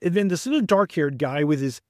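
A man's voice: on the high side, brisk, no echo, clean studio sound. A middle-aged man with a Southern US accent, telling stories in a casual interview as an author and raising his voice to act out friends he quotes. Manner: animated storyteller, acts out quoted friends in a raised voice.

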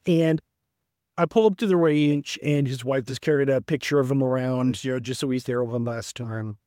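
Clean studio audio with no echo captures a middle-aged Southern man, an author, telling stories at normal speed in a mid-range voice. It's a casual interview, and he animatedly performs the friends he quotes by raising his voice.

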